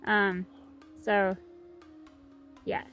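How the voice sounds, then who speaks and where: A woman's voice: mid-range voice, very animated, extremely slow, a bit bright, faint music behind. A young woman co-hosting a vlog, telling a story in a casual chat, full of "like" and "um". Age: young adult. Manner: chatty, many fillers like "like" and "um". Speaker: vlog co-host.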